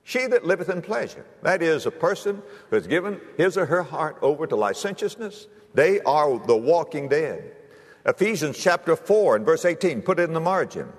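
A man preaching a sermon, telling stories and acting out the voices, swinging between loud and hushed. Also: fairly high pitch, sing-song, moderate pace. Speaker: pastor. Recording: hall reverb.

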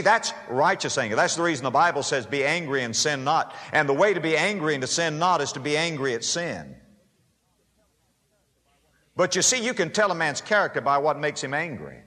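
A man preaching a sermon, emphatic, swinging between loud rises and hushed drops. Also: a little high, in a large hall. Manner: emphatic, rising and dropping sharply for effect.

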